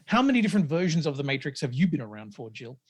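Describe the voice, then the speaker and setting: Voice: medium pitch, sing-song, rapid-fire, a little mellow, breathy edge. A host leading a casual podcast film discussion in a chatty, sweary manner. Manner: chatty, sweary, steering the talk. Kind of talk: casual film-review chat.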